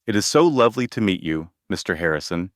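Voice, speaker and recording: A man's voice: sits low, big pitch swings, fast talker, no room sound, studio quality. A man voicing a polite, professional woman greeting someone. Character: polished, professional woman guest.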